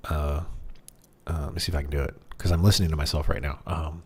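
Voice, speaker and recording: A man's voice: very deep voice, little pitch movement, quick pace, slightly rough. A man chatting casually on a livestream through a headset microphone, rambling and self-deprecating with frequent restarts. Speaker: streamer. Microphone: headset microphone with monitoring.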